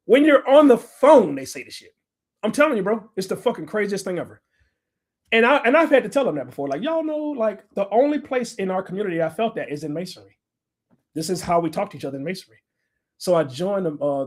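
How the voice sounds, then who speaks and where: A middle-aged man from the United States talking bluntly and profanely to a live audience, rambling and swearing constantly. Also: high-pitched. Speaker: speaker addressing a live audience. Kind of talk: profane, loose talk to a room.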